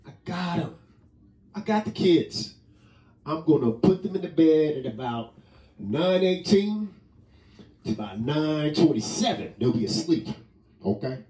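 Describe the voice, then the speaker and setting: A man voicing a smooth-talking, flirty husband who coaxes and reassures his wife playfully. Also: fairly high pitch, sing-song, unhurried, pauses often, mellow. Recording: roomy sound from a distant mic.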